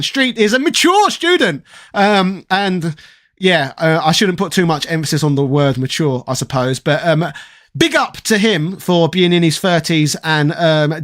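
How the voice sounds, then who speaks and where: A man from London in his thirties with a London accent, casually chatting with his live-stream chat, reading out comments and rambling through jokes. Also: a little high. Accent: London English. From London, England. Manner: rambling, chatty, reads chat aloud and riffs with quick jokes.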